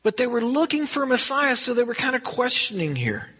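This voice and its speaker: A man's voice: very high voice, sing-song, a little fast, pushed and bright, breathy edge. A man teaching a verse-by-verse Bible study, telling the story in a rambling, conversational way. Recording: long hall reverb.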